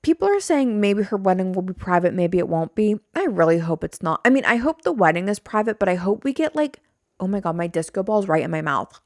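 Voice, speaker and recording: A woman's voice: mid-range voice, big pitch swings, fairly quick, no echo, studio quality. A young woman hosting a solo podcast, rambling casually and self-deprecating, swearing now and then. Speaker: podcast host. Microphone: studio mic on a stand.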